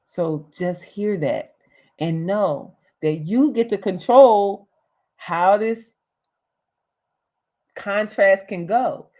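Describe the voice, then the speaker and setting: A woman's voice: medium pitch, drawn-out words, pauses often, darkish tone. A woman hosting a livestreamed motivational talk, speaking emphatically, repeating key phrases, with casual slang. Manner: emphatic and repetitive, uses slang. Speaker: host.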